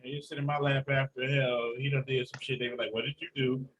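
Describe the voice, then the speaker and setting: A man's voice: mid-range voice, quick pace, muffled recording, slight background noise. A man hosting a casual podcast, telling stories animatedly with lots of swearing. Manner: animated storytelling, heavy profanity. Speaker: podcast host.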